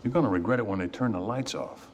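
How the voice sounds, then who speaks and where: A man playing a deep-voiced young caller. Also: quick pace, a little hiss or hum, natural voice. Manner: blunt with a friend, courteous with elders. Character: polite young male gentleman caller. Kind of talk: film drama acting.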